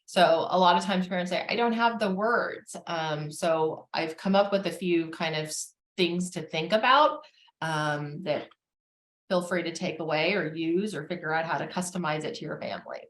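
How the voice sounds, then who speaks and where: A woman therapist giving a calm, measured educational talk on family relationships, with frequent fillers. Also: low voice, echoey room.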